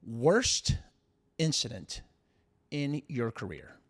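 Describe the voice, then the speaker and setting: A man's voice: mid-range voice, sing-song, takes it slowly. A man hosting a podcast interview, asking questions and reflecting in a conversational way. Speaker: podcast host. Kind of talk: casual interview.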